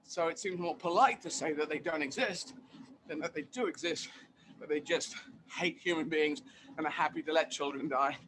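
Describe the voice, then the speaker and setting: A man being interviewed as a guest comedian, talking in an animated, emphatic way and repeating phrases for effect. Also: fairly high pitch, moderate pace, slight background noise. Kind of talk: casual interview chat.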